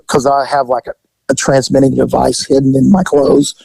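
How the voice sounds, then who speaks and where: A man telling a comic crime story in a rambling, animated way, acting out the people in it. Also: medium pitch, normal speed, vocal fry, breathy edge, no room sound, rough recording. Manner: animated, rambling, acts out every line. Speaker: guest storyteller.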